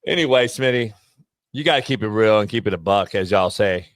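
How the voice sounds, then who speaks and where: A man's voice: lowish voice, expressive, brisk, dry recording, clean studio sound. A man hosting a live sports talk show, ranting brashly and swearing freely.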